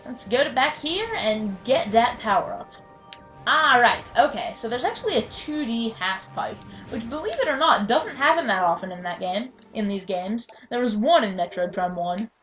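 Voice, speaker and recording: A woman's voice: fairly high pitch, fairly bright tone, rough recording. A woman giving casual gameplay commentary, chatty and self-mocking, with sudden mock-angry outbursts at enemies. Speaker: let's play commentator. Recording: game music behind.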